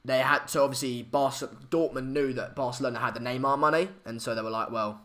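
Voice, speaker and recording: A man's voice: mid-range voice, fairly even intonation, fast, bright, forceful tone. A young man, hosting a casual live stream chat, hesitant with many fillers and restarts. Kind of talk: casual live match chat, reading comments.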